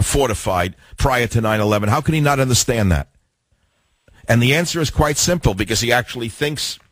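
A man's voice: mid-range voice, fairly bright tone, dry recording. An older man hosting a talk radio show, delivering an opinionated, combative monologue with rhetorical questions. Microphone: studio mic.

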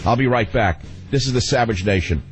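A man's voice: brisk, faint music behind, poor audio. A man hosting a radio talk show, delivering a sarcastic, ranting monologue. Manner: sarcastic, ranting, sweeping pitch swings.

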